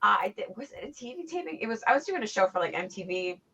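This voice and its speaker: A woman guest in a casual interview, telling stories in a blunt, profane and animated way. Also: medium pitch, fast, crowd noise. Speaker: interview guest, former wrestler. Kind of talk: casual chat. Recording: dull lo-fi sound.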